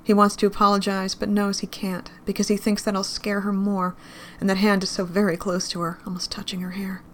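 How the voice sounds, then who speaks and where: A woman narrating fan fiction aloud in a grim, measured reading. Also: mid-range voice, level tone, slight background noise.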